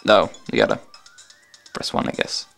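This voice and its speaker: A man's voice: normal speed, fairly bright tone, faint music behind. A man giving casual gameplay commentary with joking, sarcastic asides. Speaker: let's play commentator.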